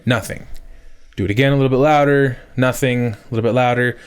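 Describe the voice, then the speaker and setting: A man, a podcast co-host in his thirties, telling a story in casual chat, swearing a lot and getting loud as it builds. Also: medium pitch, fast talker, clear, resonant tone. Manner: animated storyteller, swears often, rising to shouts.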